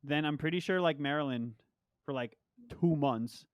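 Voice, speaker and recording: On a casual podcast, a young guest from Long Island, New York, with no accent, chats loosely about playing Smash, rambling and swearing often. His voice is on the high side at normal speed, smooth, with no room sound.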